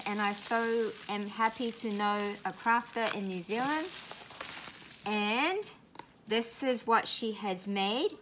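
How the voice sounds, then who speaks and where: A woman's voice: on the high side, noisy background. A woman craft vlogger who lives in Australia, opening crafty mail and gushing about it in a casual way, often repeating words for emphasis.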